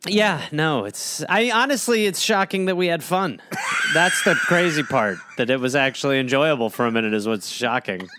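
A man's voice: on the high side, lively intonation, normal speed, raised voice, very noisy. A man co-hosting a comedy podcast in casual chat, reacting with exasperated groans and laughs. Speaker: podcast co-host.

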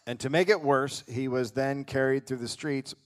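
A man hosting a live comedy podcast, telling a history story in a deadpan way and reading out quotes. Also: medium pitch, moderate pace.

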